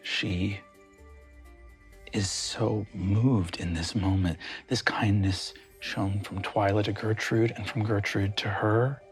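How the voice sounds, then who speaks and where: A man narrating a tabletop game as game master, in slow, measured, hushed narration. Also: on the low side, fairly even intonation. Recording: faint music underneath.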